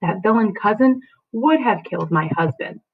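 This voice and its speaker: A woman reading aloud as an anguished teenage girl torn between love and grief, delivering verse dramatically and slowing on key words. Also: mid-range voice, expressive. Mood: grieving. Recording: tinny phone-like sound.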